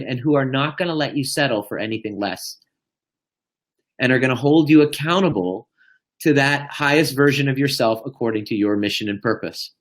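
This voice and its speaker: Male life coach, live Q&A, energetic and blunt, swears freely, mid-range voice. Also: mid-range voice. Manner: animated, profane, swings between loud and hushed. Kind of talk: live stream Q&A. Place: indoors, live video.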